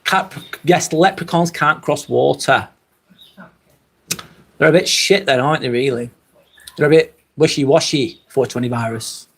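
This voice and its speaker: A man's voice: on the high side, moderate pace, pauses often, fairly bright tone, slightly rough. A man with a Lancashire accent from Northwest England, hosting a live stream and chatting casually with his viewers, swearing freely. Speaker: livestream host. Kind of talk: live stream chat reading.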